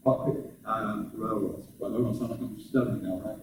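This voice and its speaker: A man preaching a sermon as pastor, talking to the congregation in a conversational way with rhetorical questions, and jumping up high in pitch when he acts out quoted voices. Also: steady tone, moderate pace, background noise. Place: church sanctuary. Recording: very echoey room, voice far from the mic.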